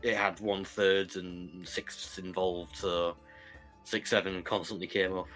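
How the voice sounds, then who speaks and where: Man, very low voice, dry teasing humour, casual stream chat. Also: flat delivery, slow, fairly bright tone, faint music behind. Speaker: player.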